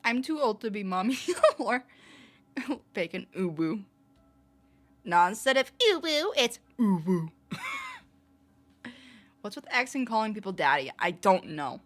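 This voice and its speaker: Giggly young woman streamer, lively. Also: moderate pace. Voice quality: fairly low voice for a woman. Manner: giggly, playful, laughs often. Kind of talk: casual livestream chat reading comments.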